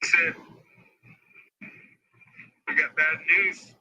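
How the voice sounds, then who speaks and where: A man slowly and reflectively recounting events in an emotional documentary interview. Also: on the high side, steady tone, sharp tone, breathy edge, highs cut off.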